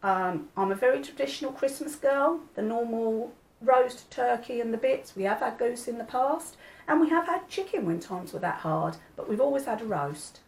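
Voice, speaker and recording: A woman's voice: on the high side, animated, normal speed, creaky, darkish tone, poor audio. Older woman, grandma vlogger, chatty, homely, rambling. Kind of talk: casual chat.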